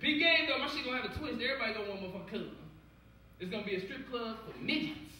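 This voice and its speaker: A young male stand-up comic with a very high voice tells loud, profane stories. He is heard from far off in a very echoey club, with a loud crowd reacting. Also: rapid-fire. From Cincinnati, USA. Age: 20s. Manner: loud, profane, animated storytelling. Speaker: stand-up comedian. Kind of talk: stand-up comedy set. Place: comedy club stage.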